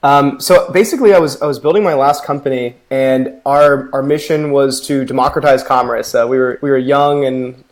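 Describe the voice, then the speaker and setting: A man's voice: moderate pace, hardly any pauses. A man, a company founder, speaking as a podcast guest and telling his story in a fluent, upbeat way. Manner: fluent, upbeat pitch-style explaining. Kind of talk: podcast interview.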